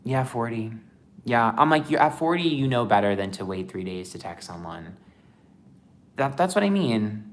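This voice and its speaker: A man's voice: medium pitch, very animated, normal speed, slight background noise. A man chatting casually on a livestream as a tarot reader, rambling with lots of fillers.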